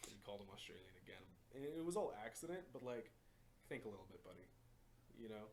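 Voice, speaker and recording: A man's voice: lowish voice, fast. Profane man telling stories. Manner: profane, animated storytelling with laughs. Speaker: podcast co-host. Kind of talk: casual storytelling chat. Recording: faint background noise.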